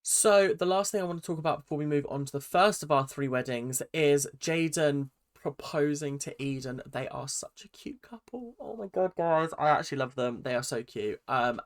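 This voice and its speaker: A young man giving a chatty, exasperated recap of a reality show, full of ums and restarts. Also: medium pitch. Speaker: reaction vlogger. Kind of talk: casual recap commentary.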